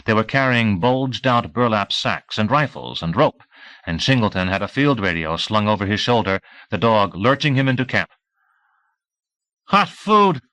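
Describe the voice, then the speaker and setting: A man reading a novel aloud in a steady, measured way; his voice is lowish but bright, and the recording is dry and close. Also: no echo. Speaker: audiobook narrator. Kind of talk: scripted narration.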